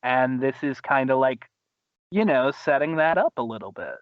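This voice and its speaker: Animated man recapping a cartoon. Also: moderate pace, dry recording, narrow, tinny audio. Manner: animated, laughing, acts out quotes in high voices. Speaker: podcast host. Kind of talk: casual podcast chat recapping a cartoon episode.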